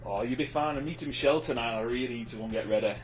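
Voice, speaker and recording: A man's voice: mid-range voice, soft background music, natural voice. An actor playing a cocky young male coworker who talks smugly and in a hurry. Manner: smug, teasing and hurried.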